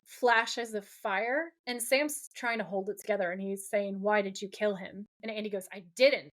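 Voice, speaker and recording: A woman's voice: mid-range voice, normal speed. A woman co-hosting a podcast, animatedly recapping a TV episode in casual chat and acting out the characters' lines as she goes. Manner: animated, acts out the characters' lines while retelling scenes. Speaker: podcast co-host.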